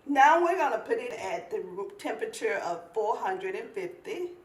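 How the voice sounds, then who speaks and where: A woman from eastern North Carolina, giving a folksy, animated cooking demonstration. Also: on the high side, normal speed, roomy sound, recorded from a distance, a little hiss or hum. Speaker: home cook.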